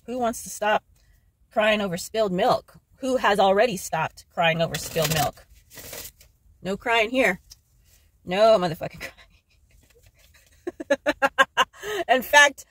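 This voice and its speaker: A woman giving a casual tarot card reading to camera, excitable and joking, swearing freely as she talks to her viewers. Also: mid-range voice, slight background noise. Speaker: tarot reader.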